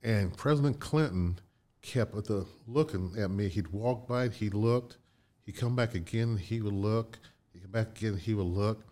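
An older man from Indiana, a guest in a casual interview, tells animated anecdotes with restarts and laughs. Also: fairly low pitch, normal speed. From Indiana, USA.

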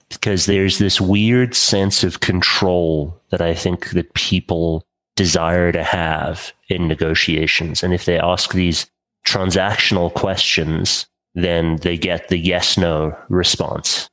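Man, very low voice, host, thoughtful long questions. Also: fairly even intonation, takes it slowly, fairly bright tone, rough recording. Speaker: podcast host. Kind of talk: interview questions.

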